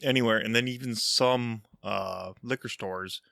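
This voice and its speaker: A man's voice: on the low side, unhurried, gravelly, sharp tone, no echo, studio quality. A man guest in a casual chat, answering in short, matter-of-fact replies. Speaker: guest whiskey collector.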